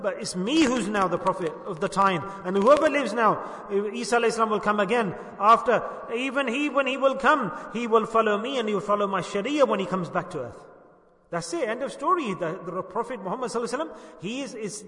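A man's voice: sits high, sharp tone. A man preaching a passionate sermon, acting out the voices of the people he quotes. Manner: impassioned, acts out quoted voices. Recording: echoey hall with long reverb.

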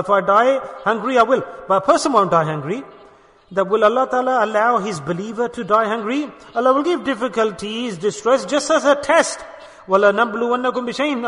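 A man delivers a sermon in a high, bright voice. He is emphatic, rising to loud exhortation and then dropping to hushed asides. A long reverb trails behind him, as in a large hall. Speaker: preacher.

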